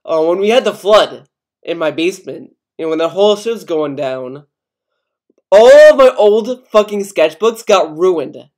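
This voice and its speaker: A man's voice: high voice, lively intonation, unhurried, darkish tone. A young man commenting casually on a video, rambling, swearing a lot and putting on mock outrage. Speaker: commentary youtuber.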